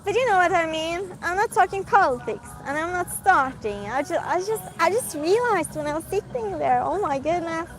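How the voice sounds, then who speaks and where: A woman's voice: extremely high pitch, lively intonation, normal speed, hardly any pauses, poor audio. A woman, chatting casually and giggling as she reads out live comments while walking outdoors at night. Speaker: livestreamer. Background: music from a passing car.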